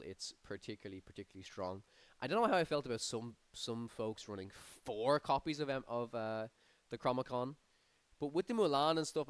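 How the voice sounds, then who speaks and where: A man's voice: medium pitch, dry recording. A man giving live play-by-play commentary on a card game tournament, his energy rising on big plays. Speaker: tournament caster.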